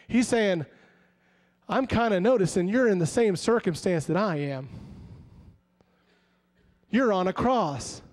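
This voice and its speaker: High-voiced male pastor preaching in a reverberant hall. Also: lively intonation, slow pace, pauses often, a little mellow. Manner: preaching with rising intensity, acting out quoted voices. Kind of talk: sermon. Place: church sanctuary. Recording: long church hall reverb.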